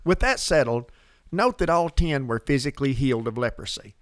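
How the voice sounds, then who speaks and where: A man co-hosting a conversational Bible discussion, emphatic and animated, with quick asides. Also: medium pitch, no echo, clean studio sound.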